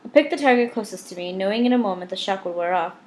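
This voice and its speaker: A woman's voice: mid-range voice, very fast. A woman reading a novel aloud in first person, with a wry, dry delivery. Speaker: audiobook reader.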